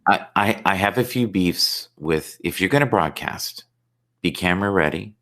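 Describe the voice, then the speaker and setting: Deep-voiced man hosting a joking live chat. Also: moderate pace. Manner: joking, tells offbeat absurd stories; lively, rambling, repeats words as he starts. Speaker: live stream host.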